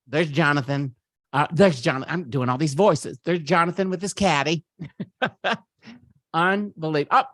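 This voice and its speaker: A man's voice: on the high side, a bit bright, no room sound, clean studio sound. A man putting on a campy male comedian's voice while hosting a party and gushing over a photo slideshow. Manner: gushing, giggly, chatty asides. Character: campy middle-aged male comedian impression. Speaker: party host. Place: virtual party at home.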